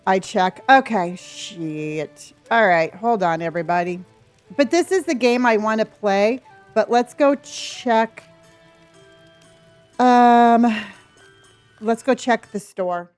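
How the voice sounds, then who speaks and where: A woman's voice: on the high side, lively intonation, slow pace, soft background music. A woman streaming a video game from home, chatting casually and greeting viewers by name. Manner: bubbly, greets chat by name. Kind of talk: casual livestream chat.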